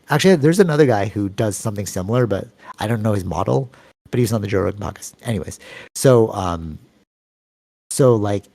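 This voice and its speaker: In a casual podcast conversation, a mellow-voiced co-host with a Canadian accent tells rambling, drawn-out stories packed with fillers. When quoting people he mimics their voices with abrupt pitch leaps. The recording has no room sound.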